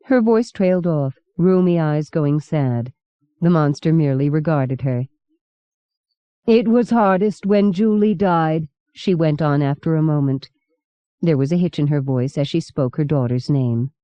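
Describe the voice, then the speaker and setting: A woman narrating an audiobook in a measured, steady reading. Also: low-pitched, no room sound. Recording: dull lo-fi cassette recording.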